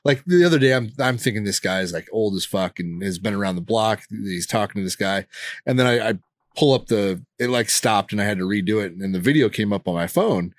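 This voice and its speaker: A man co-hosting a podcast talks in a loose, rambling way, full of "like" and restarts. His voice sits low, and the recording is dry. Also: animated, fairly quick, no echo. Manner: rambling, filler-heavy musing. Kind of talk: casual chat.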